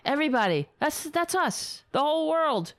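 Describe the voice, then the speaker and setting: A woman's voice: sits high, big pitch swings, normal speed, dry recording. A woman hosting a show and delivering political commentary in a profane, sarcastic and indignant way. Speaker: show host.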